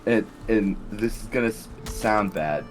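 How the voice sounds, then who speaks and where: A man's voice: on the low side, measured pace, faint music behind. A young man co-hosting a casual gaming chat, rambling and laughing often. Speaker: co-host, gamer.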